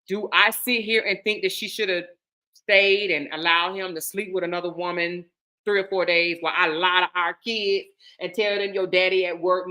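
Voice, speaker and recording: Candid, emphatic woman telling a story. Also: mid-range voice. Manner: candid, emphatic, swings between hushed and loud. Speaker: host. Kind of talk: casual storytelling chat.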